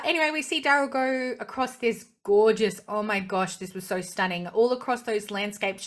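A woman's voice: medium pitch, a bit bright. A young woman vlogging a casual review of a TV series finale, gushing with enthusiasm as a fan.

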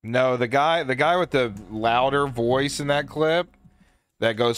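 A man's voice: mid-range voice, a little slow. A man streaming a game speedrun, chatting casually with viewers in a loose, profane way and thanking people from chat. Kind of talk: casual live-stream chat while playing.

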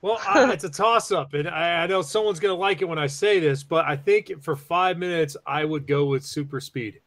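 A man co-hosting a live nerd podcast, joking and animated, often stammering and repeating words. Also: fairly high pitch, moderate pace. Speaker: podcast co-host. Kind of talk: casual nerd-news chat.

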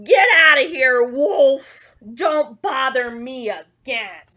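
A rude little storybook pig yells insults from behind his brick door, as a woman puts him on. The voice is high and swoops around, loud and dismissive. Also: lively intonation, takes it slowly, heavily acted. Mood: rude shouting. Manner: shouting, rude. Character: rude, cocky male pig in a brick house.

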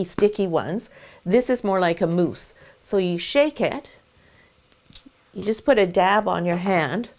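A middle-aged woman, a dog breeder, giving a gentle, calm demonstration of how to groom a puppy. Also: mid-range voice. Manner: sing-song baby talk to the puppy.

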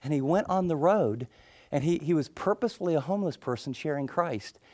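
A middle-aged male pastor preaching a sermon, telling stories and acting out the people in them, then dropping into soft, intense tones. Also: fairly high pitch, lively intonation, fairly quick. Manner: storytelling, acts out quoted people, drops to soft intense tones.

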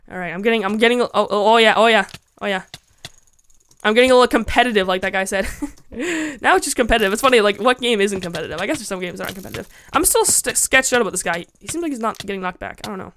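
A woman's voice: medium pitch, lively intonation, fast talker, fairly bright tone. A woman giving casual, giggly commentary while playing a game and talking to her chat, squealing when she is attacked. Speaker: Minecraft let's-play gamer.

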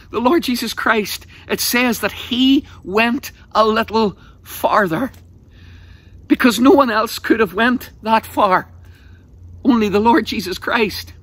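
A man's voice: very high voice, fairly bright tone, no room sound. A man preaching an evangelistic sermon, telling the story passionately and vividly.

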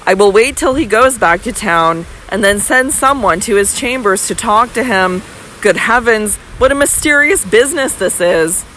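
A woman's voice: mid-range voice, lively intonation, moderate pace, sharp tone, a little hiss or hum, low-quality recording. A woman voicing a doting older male baronet, fond and reassuring, sometimes blustering, read close to her own voice. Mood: troubled.

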